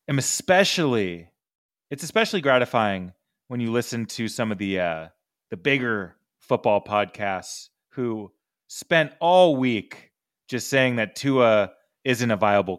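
A man co-hosting a casual sports podcast, excitable and profane, talking in quick bursts. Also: medium pitch, clean tone, no echo, studio quality. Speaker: podcast co-host.

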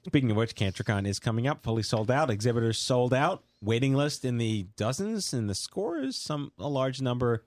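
A man's voice: mid-range voice, expressive, normal speed, hardly any pauses, dry recording. A man with a New York accent hosting a casual talk show, rambling and correcting himself as he goes. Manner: rambling, self-correcting, playful. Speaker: podcast host.

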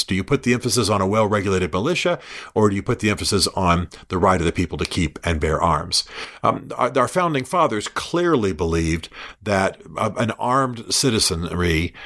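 Deep-voiced man hosting a podcast. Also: a bit bright. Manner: measured, slows down to quote texts; frequent fillers and restarts. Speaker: podcast host. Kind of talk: explanatory podcast monologue.

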